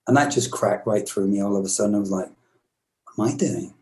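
A British man in his fifties with a low, mellow voice recounts stories as an interview guest. He rambles and restarts, reflective rather than polished. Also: quick pace, low-quality recording. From Britain. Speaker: musician guest. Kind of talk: storytelling interview.

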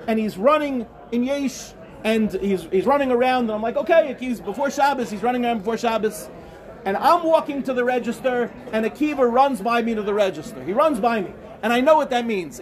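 A man, a rabbi, telling a story in a sermon to students and building to impassioned exhortation. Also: very high voice. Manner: animated, rising to impassioned exhortation. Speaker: rabbi giving a talk to yeshiva students. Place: study hall at a summer program.

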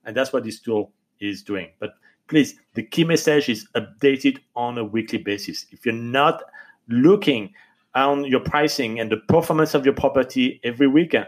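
A man with a French accent, a podcast host speaking in English, earnestly urging listeners and filling pauses with many ums and uhs. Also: medium pitch. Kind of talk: advice podcast talk.

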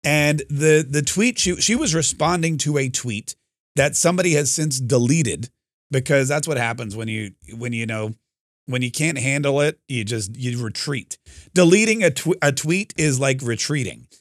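An opinionated male talk radio host argues in quick, combative bursts, restarting his sentences often. His voice sits in a middle pitch and sounds dry and close, with no room around it. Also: animated, no echo.

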